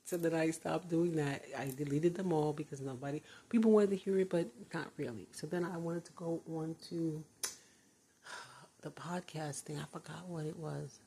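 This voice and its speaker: A woman's voice: sits low, normal speed, dark tone, a little hiss or hum. An older retired woman chatting casually from her bedroom, rambling and laughing often. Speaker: vlogger. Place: her bedroom, door closed.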